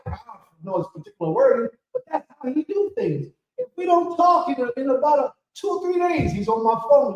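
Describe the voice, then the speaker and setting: Man, spiritual leader, sermon, high voice, roomy echo, rising to shouts. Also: big pitch swings, moderate pace. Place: temple hall. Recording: echoey room from far off.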